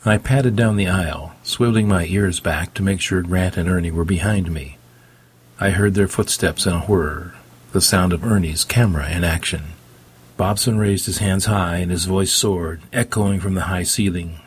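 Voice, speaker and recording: A man's voice: deep voice, normal speed, husky. A man narrating a first-person audiobook story in a dry, wry way.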